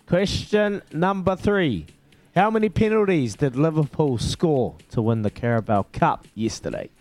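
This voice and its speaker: A man's voice: medium pitch, very animated, normal speed, a little mellow. A man hosting a radio phone-in quiz, bantering matily with callers. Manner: upbeat, matey banter with callers. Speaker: radio breakfast host.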